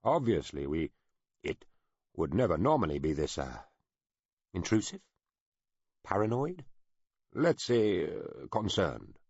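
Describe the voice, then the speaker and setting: A man voicing a nervous, bashful envoy who hesitates and apologizes often, husky-voiced. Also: sits low, wildly swooping pitch, takes it slowly, long pauses, darkish tone, no room sound, highs cut off, exaggerated voice. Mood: awkward. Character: nervous bashful middle-aged male ship envoy.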